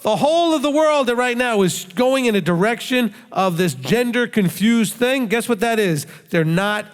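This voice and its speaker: This rabbi teacher's voice sits high and sounds gravelly. He gives a conversational, emphatic sermon full of rhetorical questions he answers himself, and the audio has a long hall reverb.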